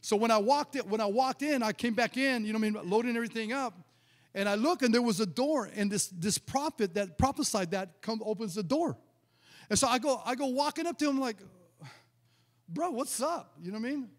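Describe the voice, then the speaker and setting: High-voiced storytelling pastor in a reverberant church. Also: male voice, quick pace. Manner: animated storyteller, acts out dialogue, repeats words. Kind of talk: sermon with storytelling.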